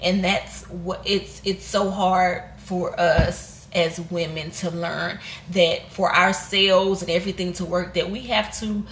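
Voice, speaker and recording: A woman in her thirties speaks candidly in a sit-down reflective vlog. Her voice is bright and clear. She rambles and restarts her thoughts, and the room gives her voice a noticeable echo. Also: on the low side, steady tone, slow, few pauses, a little hiss or hum. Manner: candid and rambling, with restarts and Southern US American slang. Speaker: vlogger. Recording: echoey room.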